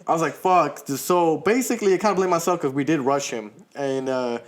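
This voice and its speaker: On a podcast, a male co-host with a fairly high voice tells a long story in casual conversation, talking fairly quickly, laughing a lot and swearing freely.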